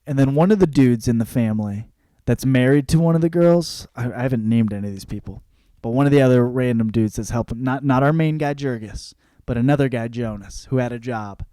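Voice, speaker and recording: A young man talks through a classic novel in a loose, profane, conversational way. He slips into quick voices for the characters as he retells the plot. His voice is mid-pitched and close on a dry mic. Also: dark tone, no room sound. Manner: casual, profane, acts out characters' lines. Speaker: podcast host. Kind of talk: casual book review.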